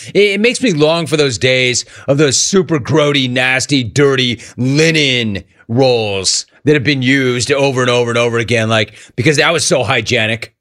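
A man hosting a radio call-in show, riffing sarcastically between callers with animated banter. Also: mid-range voice, dry recording, studio quality.

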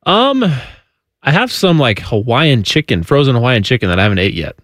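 A man chatting on a show, hesitant and low-key in his answers. His pitch moves a lot, and the sound is dry and close. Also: wildly swooping pitch, fairly quick, fairly bright tone, no echo. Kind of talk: casual chat.

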